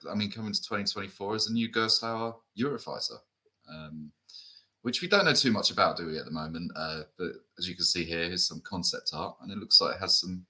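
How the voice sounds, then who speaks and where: Deep-voiced British man chatting casually. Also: bright, forceful tone, low-quality recording. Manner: chatty, lots of fillers and tag questions. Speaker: co-host. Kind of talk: casual enthusiast chat.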